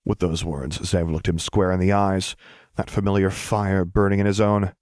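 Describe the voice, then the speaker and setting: A man narrating fan fiction in an even, measured reading. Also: low voice, no echo, studio quality. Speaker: audiobook narrator.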